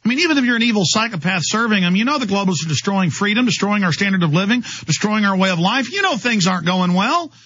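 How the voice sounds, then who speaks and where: A man's voice: high voice, lively intonation, fast talker, few pauses, fairly bright tone, breathy edge, no room sound, lo-fi sound. A man hosting a talk radio show, delivering an impassioned, ranting monologue straight to his listeners.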